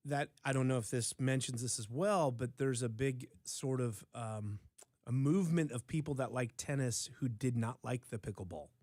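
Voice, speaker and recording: A man's voice: medium pitch, moderate pace, a little mellow, no echo, clean studio sound. An older man co-hosting a talk show, explaining things matter-of-factly and often restarting his sentences. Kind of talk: casual chat.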